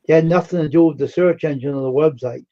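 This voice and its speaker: A man's voice: on the high side, fast, dark tone, dull audio. A man chatting casually on a live stream, retelling a story with lots of repetition. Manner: repetitive, plain-spoken storyteller.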